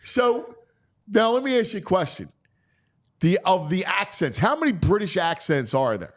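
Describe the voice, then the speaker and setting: Excitable high-voiced male sports host. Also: moderate pace. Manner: excitable, loud, jokey banter. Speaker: show host. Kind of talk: casual sports talk show chat.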